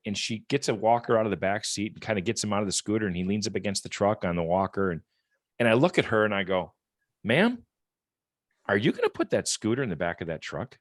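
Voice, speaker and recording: A man with a fairly low voice talks to a support group as a guest. He tells his stories earnestly and conversationally, doubling back on words. The sound is close and dry, with no room around it. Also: dry recording. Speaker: guest speaker from a rehab equipment company. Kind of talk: storytelling talk at a support group meeting.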